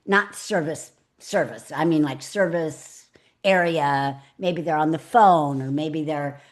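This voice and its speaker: A middle-aged woman teaching public speaking on a live call, talking in a chatty, expressive way. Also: lowish voice. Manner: chatty, expressive, animated delivery with laughs. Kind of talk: live online coaching talk.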